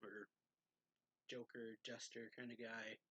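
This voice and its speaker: A man casually talks through a manga chapter, rambling and clearing his throat now and then. His voice is bright and forward, his pace slow. The sound is dry and close to the mic. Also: mid-range voice, level tone, no echo, highs cut off. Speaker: manga reviewer. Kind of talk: casual manga read-along review.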